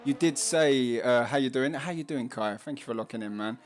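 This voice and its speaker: A man hosts a live sim racing stream from home, chatting loosely and reading viewer messages aloud between laughs. His voice sits at a middle pitch, with a faint hiss of noise behind it. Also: brisk. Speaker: stream host. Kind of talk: casual live-stream commentary.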